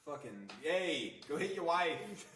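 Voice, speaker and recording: A man co-hosting a podcast with a bright, sharp voice that leaps all over the place as he barks mock-angry insults. The room sounds echoey, with a faint hiss behind him. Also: fairly high pitch, distant mic. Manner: loud, mock-angry outbursts. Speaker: podcast co-host. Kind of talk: crude comedic banter.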